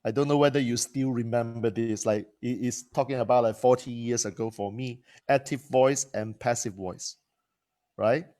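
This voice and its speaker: Speaking at medium pitch with a dark tone, this man keeps his intonation fairly even and talks at a normal speed. He's a coach and trainer giving a teaching talk to camera, frequently restarting phrases and asking rhetorical questions.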